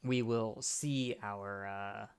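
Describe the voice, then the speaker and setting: A young gaming channel host gives casual gameplay commentary while tipsy, rambling with many restarts and fillers and burping. His smooth, low-ish voice is extremely slow with fairly even intonation, recorded on a lo-fi, clipping mic.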